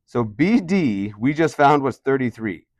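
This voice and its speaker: A man's voice: medium pitch, lively intonation, a little slow, darkish tone, no room sound, lo-fi sound. Chatty male math teacher, dry sound. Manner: chatty, questioning, encouraging. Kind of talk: classroom lesson. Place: classroom.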